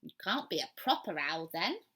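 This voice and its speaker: A woman's voice: lowish voice, big pitch swings, moderate pace, bright, forceful tone, exaggerated voice. A woman voicing a bossy little girl who knows it all, in a storybook reading. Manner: bossy, matter-of-fact.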